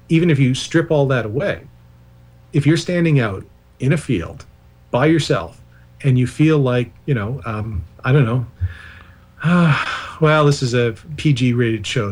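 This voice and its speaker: A male author talks through his ideas as a radio interview guest. He wanders into side stories and jokes at his own expense. His voice sits at an ordinary middle pitch. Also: husky. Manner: discursive, digressive, self-deprecating asides.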